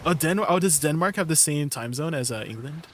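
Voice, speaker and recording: A man live-streaming, chatting casually with his viewers, playful and quick to laugh. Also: fairly high pitch, lively intonation, slight background noise. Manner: playful, laughs often, talks to chat.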